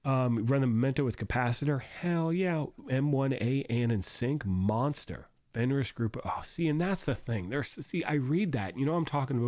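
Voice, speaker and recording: A man hosting a gaming livestream, hoarse and losing his voice, rambling and thinking out loud while reading chat. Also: medium pitch, animated, normal speed, few pauses, dry recording.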